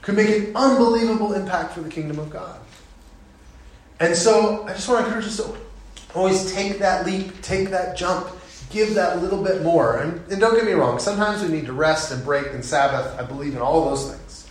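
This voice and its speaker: A middle-aged man preaches in an earnest, conversational way, leaning in to encourage his congregation. His voice sits a little high for a man. The church sanctuary adds a heavy echo. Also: normal speed, a little hiss or hum. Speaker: pastor. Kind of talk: sermon. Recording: very echoey sanctuary.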